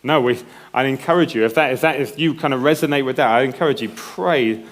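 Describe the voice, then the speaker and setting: A man's voice: mid-range voice, quick pace. A man preaching a sermon in a conversational way, often checking in with the congregation. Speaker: pastor.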